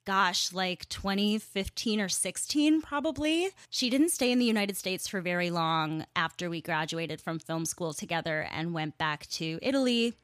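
A woman in her thirties hosting a podcast, telling a story in a chatty, animated way. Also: fairly low pitch, moderate pace, hardly any pauses, no echo, studio quality. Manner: chatty and animated, laughs as she talks. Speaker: podcast host.

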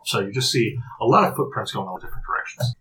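A man narrating a tabletop role-playing game as game master, halting, with frequent restarts and fillers. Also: on the low side, big pitch swings, sharp tone, a little hiss or hum, poor audio.

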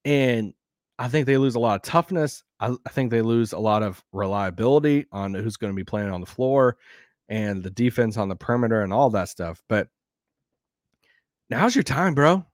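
A man with a Southern accent hosting a sports podcast, rambling and animated, laughing now and then. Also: mid-range voice, normal speed, no room sound, clean studio sound. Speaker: podcast host. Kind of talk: casual sports talk.

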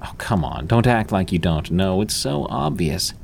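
A man voicing a snarky, fierce teenage girl with a sharp, cutting way of talking. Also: deep voice, expressive, moderate pace, vocal fry, a little hiss or hum.

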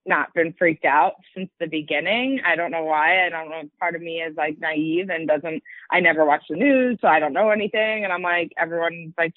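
A woman's voice: deep voice, brisk, no echo. A woman fighter chatting casually in an interview, rambling with lots of likes and you-knows. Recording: dry, tinny phone-like line.

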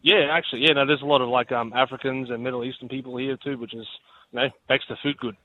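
A man's voice: medium pitch, steady tone, fast talker. A man calling in to a radio show, laid-back and full of fillers, with an Australian accent and a slight New Zealand lilt. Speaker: caller. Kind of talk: phone-in chat. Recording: muffled phone line with faint noise.

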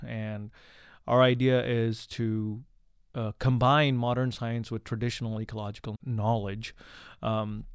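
A man from India speaks as an interview guest with a smooth, resonant, mid-range voice. He explains earnestly and pauses on "uh" and "um" as he restarts his sentences. The recording is close and dry, with no room echo. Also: medium pitch, a little mellow. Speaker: wildlife researcher and conservationist guest. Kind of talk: conversational interview answers.

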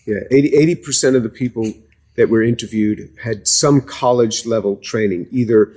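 A man with a slightly husky voice talks through cell chemistry in an interview. He speaks haltingly, repeating words and restarting sentences as he explains. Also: medium pitch, warm tone. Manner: hesitant, many restarts, explanatory. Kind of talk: conversational interview.

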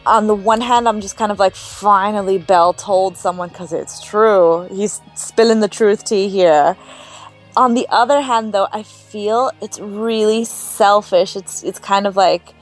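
Woman, podcast co-host, casual chat, animated, opinionated. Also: mid-range voice, unhurried, faint music behind.

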